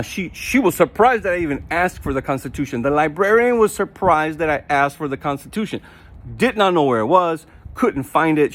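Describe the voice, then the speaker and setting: A man telling a story in a casual, indignant rant for his vlog, repeating himself and building to heated outbursts. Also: on the high side. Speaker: vlogger. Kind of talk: casual ranting monologue.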